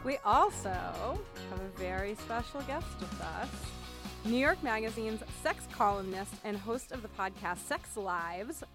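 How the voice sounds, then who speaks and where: A woman hosting a podcast in a studio, chatty and quick to laugh, often restarting her sentences. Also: medium pitch, expressive, over music. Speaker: podcast host. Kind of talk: casual podcast chat.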